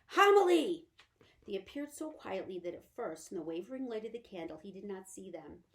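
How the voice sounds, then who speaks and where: A woman's voice: mid-range voice, lively intonation, fast, warm tone. A woman reading a children's novel aloud as a library storyteller. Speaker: librarian reader.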